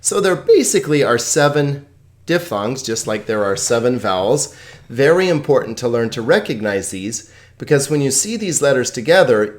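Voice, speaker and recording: A middle-aged man gives a recorded language lesson with real enthusiasm. His voice rises and falls in an animated way as he explains, and he chuckles now and then. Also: mid-range voice. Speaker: Greek teacher.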